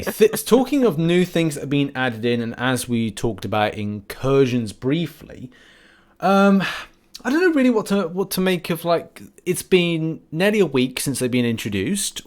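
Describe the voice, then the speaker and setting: A man hosting a casual gaming podcast, rambling and laughing often as he talks. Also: mid-range voice. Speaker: podcast host.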